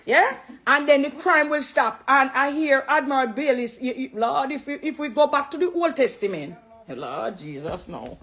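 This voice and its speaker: A woman's voice: high-pitched, animated, moderate pace. Jamaican woman preaching into her phone. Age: middle-aged. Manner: warm, preachy, switching into patois. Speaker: dancehall artist turned Christian. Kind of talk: direct address live video.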